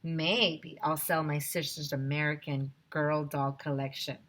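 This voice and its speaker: A woman's voice: low voice, flat delivery, unhurried, fairly bright tone. A woman teacher reading a children's chapter book aloud to young listeners, telling it expressively with many voices.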